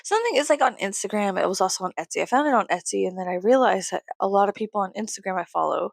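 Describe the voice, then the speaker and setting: Young woman vlogger, rambling and profane, gravelly, dry close mic. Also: medium pitch, lively intonation, very fast, dry recording. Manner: rambling, swearing, laughing often. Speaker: YouTuber. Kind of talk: rambling casual vlog.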